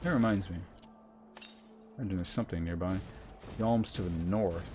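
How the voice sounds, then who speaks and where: A man's voice: deep voice, a little slow. Young male streamer musing while playing. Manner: relaxed, musing, with fillers. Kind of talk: casual let's-play commentary. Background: faint game music.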